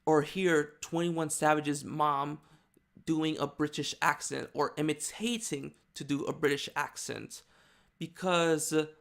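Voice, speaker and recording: A man's voice: a little high, gravelly, fairly bright tone. A man giving casual, rambling video commentary with many fillers and restarts. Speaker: YouTube commentator.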